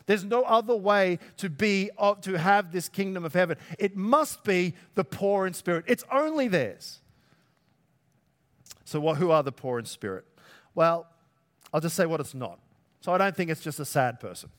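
A man's voice: sits high, expressive, moderate pace, a bit bright. A man preaching a sermon. He talks in a conversational way, asks the listeners rhetorical questions and pushes his voice up on key words. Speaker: pastor.

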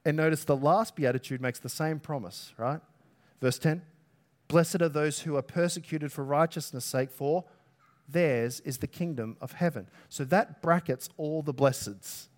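A man's voice: fairly high pitch, normal speed. A man preaching a sermon. He talks in a conversational way, asks the listeners rhetorical questions and pushes his voice up on key words. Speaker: pastor.

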